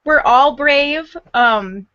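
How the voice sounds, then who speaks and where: A woman's voice: high-pitched, very slow, fairly bright tone, dry recording, highs cut off. A woman on a panel call praising the others, with lots of ums and likes. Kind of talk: casual panel talk.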